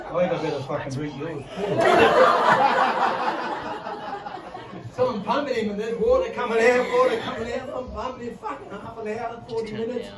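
Heavy background noise fills this roomy, far-off live recording of a rowdy casino comedy show. A middle-aged Victorian Australian with a very high voice rambles through crude material, cursing constantly and laughing at his own gags as the crowd roars.

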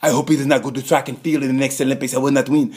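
A man's voice: mid-range voice, flat delivery, rapid-fire, a little mellow, breathy edge, lightly acted. A man putting on an African accent to voice a boastful, worried sprinter in a comedy monologue.

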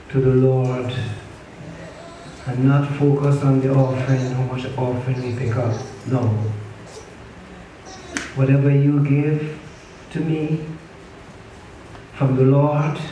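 Slow-preaching man in an echoey church. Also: mid-range voice, warm tone, slight background noise. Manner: preaching with repetition and call-and-response. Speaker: pastor. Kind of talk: sermon. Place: church sanctuary. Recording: echoey church hall from far off.

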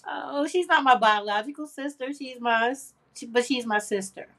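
A woman's voice: a little high, moderate pace, a bit bright. A woman hosting a craft livestream, chatting casually and affectionately with viewers, reading their comments aloud and laughing often.

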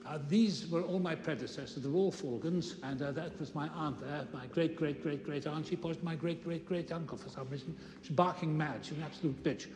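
A man's voice: a little high, close to an everyday voice. Edmund Burton, a man playing an eccentric older lord. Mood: dry. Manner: brisk, dry, rambling.

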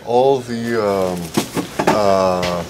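A man's voice: lowish voice, very slow, a little mellow, slight background noise. A man, vlogging outdoors by a store, swearing constantly, teasing his friends and laughing a lot. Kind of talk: rowdy casual banter.

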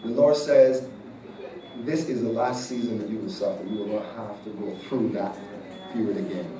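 A man's voice: fairly low pitch, steady tone, normal speed. A man preaching in church as an apostle, declaring prophecy over a congregant in fervent bursts. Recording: echoey hall, mic far off, noisy.

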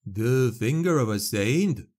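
A man voicing a big, simple-minded peasant man who speaks slowly and with wonder, a little higher than his narration. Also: expressive, a little mellow. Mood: awed.

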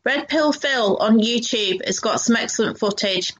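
A woman's voice: a little high, moderate pace, fairly bright tone. A woman co-hosting a talk show, chatting casually and rambling with many fillers. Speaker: radio co-host. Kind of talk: casual chat interview. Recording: dull lo-fi audio.

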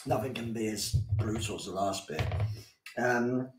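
A man's voice: fairly low pitch, unhurried, echoey room, distant mic, over music. A man from the UK chatting loosely and swearing through a beer tasting as co-host. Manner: laid-back, swearing, laughs easily. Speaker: podcast co-host. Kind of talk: casual beer-tasting chat.

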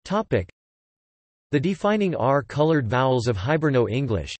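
A synthetic male text-to-speech voice reading an encyclopedia article in an even, machine-like way. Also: mid-range voice, measured pace, no echo. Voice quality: flat, machine-like delivery with odd pronunciations.

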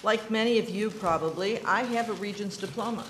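Commissioner type, woman from New York, calm and sure, explaining at a hearing, roomy sound. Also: mid-range voice, a little hiss or hum. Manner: measured, explanatory, self-assured. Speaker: education commissioner testifying. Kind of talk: formal testimony at a legislative hearing. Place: legislative hearing room. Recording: echoey hearing room.

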